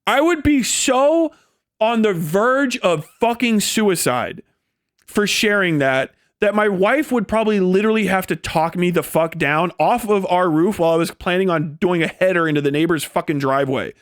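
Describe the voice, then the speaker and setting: A young man with a high-pitched voice rants angrily about politics on his livestream, profane and mocking, slipping into sneering impressions of others. He speaks at a moderate pace, and the recording is dry and clean, studio-quality.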